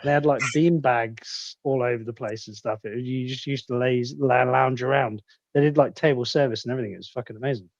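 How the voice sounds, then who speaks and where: A British man in a casual live chat, telling a rambling story with halting restarts. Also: medium pitch, steady tone, dull audio. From Britain.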